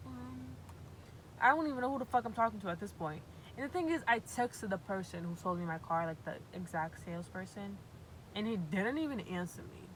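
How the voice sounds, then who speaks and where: A young woman from Massachusetts telling a storytime vlog with animated, profane, exasperated storytelling. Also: mid-range voice, slight background noise, rough recording. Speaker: vlogger.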